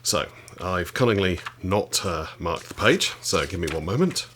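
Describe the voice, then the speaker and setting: Man, lowish voice, reading a book aloud to camera with deadpan asides. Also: unhurried, a little hiss or hum. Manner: dry, wry asides between read passages. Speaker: channel host reading from a historical book.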